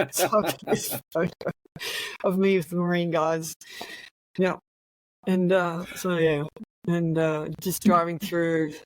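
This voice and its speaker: A woman's voice: low-pitched, no room sound, low-quality recording. An older woman with an Australian accent, a retired police officer telling anecdotes as a guest, chatty and laughing often.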